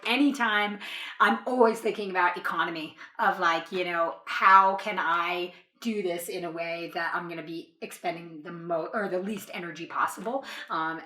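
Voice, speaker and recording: Bright-voiced chatty woman host. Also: medium pitch, roomy sound. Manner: chatty, laughs often, many fillers. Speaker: podcast host. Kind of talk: casual interview chat.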